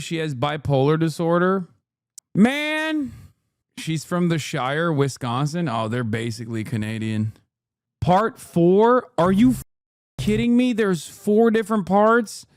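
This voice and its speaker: A man reacting to video clips in casual commentary, sarcastic and quick to swear, often cutting himself off mid-word. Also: on the high side, animated, dry recording, clean studio sound.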